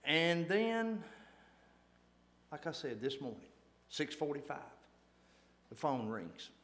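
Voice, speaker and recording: A man's voice: on the high side, sing-song, slow, fairly bright tone. A man telling a folksy, self-deprecating story to a church gathering, repeating phrases for emphasis. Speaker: church lay speaker.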